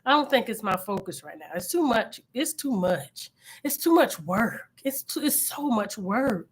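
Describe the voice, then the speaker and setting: A middle-aged woman, hosting a casual live-stream chat with her viewers in a loud, animated, chatty way. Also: a little high, normal speed, husky. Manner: chatty, loud and animated, with frequent laughs and repeated phrases. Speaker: channel host.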